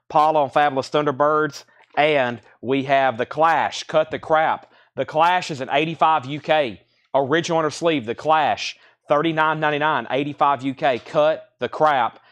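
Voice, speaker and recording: A man hosting a live record sale, rattling off titles and prices in brisk auctioneer patter, a bit out of breath. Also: a little high, fairly even intonation, fairly bright tone.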